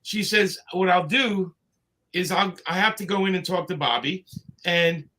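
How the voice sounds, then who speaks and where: A man tells his stories in a loose, meandering way, stopping and restarting with plenty of fillers. His voice sits a bit high and comes across bright and forceful. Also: a little slow. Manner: rambling anecdotes with many fillers and restarts. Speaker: comics creator telling stories. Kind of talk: casual storytelling chat.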